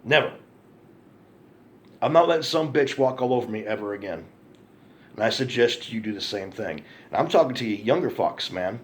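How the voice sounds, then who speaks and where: A man's voice: lowish voice, expressive, fairly quick, a little hiss or hum. A man telling an angry, profane story to camera in a ranting monologue, repeating himself for emphasis. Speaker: vlogger.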